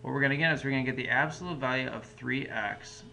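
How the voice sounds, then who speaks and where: Bright-voiced man teaching math. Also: mid-range voice, fast talker, gravelly. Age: adult parent. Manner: patient, explains step by step, casual fillers. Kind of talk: recorded math lesson walkthrough.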